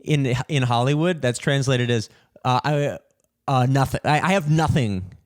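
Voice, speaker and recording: A young man hosting a podcast, telling a story in an animated, swearing rant and mimicking people in higher voices. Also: moderate pace, no room sound, studio quality. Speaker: podcast host, comedian.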